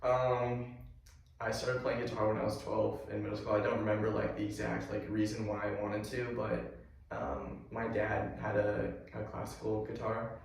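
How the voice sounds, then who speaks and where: Young male guest, low flat gravelly voice, hesitant answers, echoey room. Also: a little hiss or hum. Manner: hesitant, halting, low-key. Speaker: band guitarist, guest. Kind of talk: casual interview. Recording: echoey room, distant mic.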